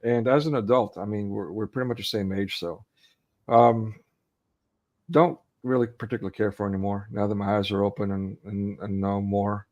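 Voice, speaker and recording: A man in his forties co-hosts a casual online discussion over a video call, his voice fairly low and darkish with fairly even intonation at a normal speed, though the audio sounds dull. He speaks earnestly, grows emotionally charged, and often restarts his sentences.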